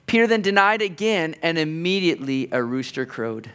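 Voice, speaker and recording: A man's voice: a little high, normal speed, fairly bright tone. A man preaching a sermon in an earnest, conversational way, with playful asides to the congregation. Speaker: pastor.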